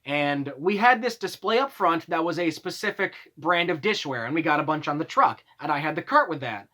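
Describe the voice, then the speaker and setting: A man's voice: on the high side, expressive, fairly quick, sharp tone. A young man vlogging, telling workplace stories in a casual, exasperated rant full of swearing. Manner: profane, exasperated ranting.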